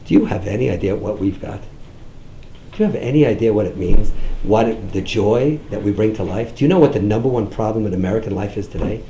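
Animated middle-aged man preaching with stories. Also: fast, reverberant, a little hiss or hum, poor audio. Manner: animated, swings up high when quoting others. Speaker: rabbi giving a talk on outreach. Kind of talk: storytelling sermon.

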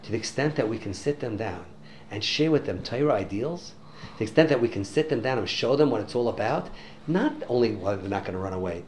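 A man telling a story in a religious talk to an audience, animated and sprinkling in Hebrew and Yiddish words. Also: mid-range voice, a little hiss or hum. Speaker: religious teacher.

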